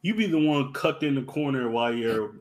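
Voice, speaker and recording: A man's voice: mid-range voice, animated, brisk. A man in casual podcast chat, brash, profane and teasing.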